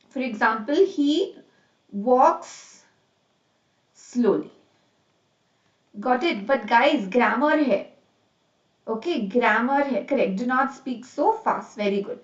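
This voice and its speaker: A woman with an Indian English accent teaching an online grammar lesson, mixing in Hindi and checking in with her class often. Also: high-pitched. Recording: dull, echoey, a bit distant.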